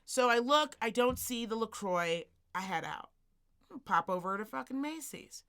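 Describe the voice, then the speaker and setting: A woman co-hosting a podcast, telling a story as a profane, animated rant and acting out the people in it. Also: fairly high pitch, moderate pace, clean tone. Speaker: podcast co-host.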